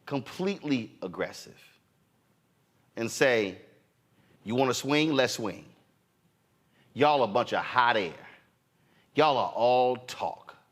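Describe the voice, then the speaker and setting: A man with a mid-range, fairly bright voice hosts a political talk show. His fired-up commentary has a preacher-like cadence, and he quotes others in mocking voices.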